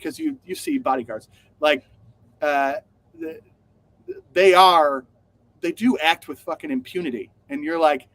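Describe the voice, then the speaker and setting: A man's voice: on the high side, sing-song, a little slow, pauses often, a bit bright. A man co-hosting a podcast, chatting animatedly, swearing and acting out quotes in funny voices. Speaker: podcast co-host. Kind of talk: casual news chat.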